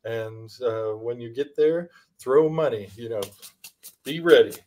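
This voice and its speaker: A man speaking at an ordinary middle pitch, interviewed as an author. He chats loosely and keeps slipping in teasing jokes and banter. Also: measured pace, darkish tone. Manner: joking, playful banter. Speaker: author guest. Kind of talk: casual interview chat.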